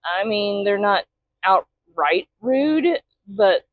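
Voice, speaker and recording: A woman's voice: medium pitch, lively intonation, extremely slow, no echo, narrow, tinny audio. A woman truck driver chatting casually in a vlog from inside her truck cab, often talking to her cat.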